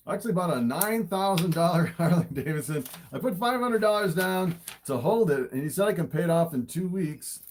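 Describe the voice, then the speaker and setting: A man's voice: on the high side, darkish tone. Chatty man on a phone livestream. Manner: laughs often, chatty with frequent fillers. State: slightly sore throat. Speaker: livestream host and snake breeder. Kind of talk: casual livestream chat. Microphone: phone camera.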